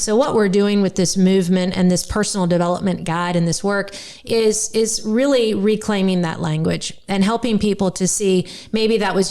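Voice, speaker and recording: Woman, North Carolina twang, podcast host, earnest and animated, smooth clear voice, mid pitch. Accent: North Carolina Southern. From United States. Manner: earnest, animated, many restarts. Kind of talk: casual podcast conversation.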